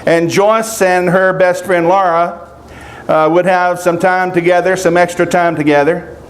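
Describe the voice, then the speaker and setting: An older man preaching a sermon, telling personal stories of loss in a halting, emotional way with long pauses. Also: sits high, fairly even intonation. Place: outdoor family encampment gathering.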